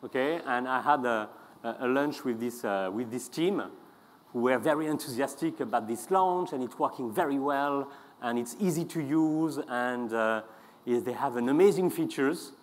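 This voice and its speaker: A man with a French accent giving a conference talk, halting often with fillers and restarts. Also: mid-range voice. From France. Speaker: speaker. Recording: long hall reverb.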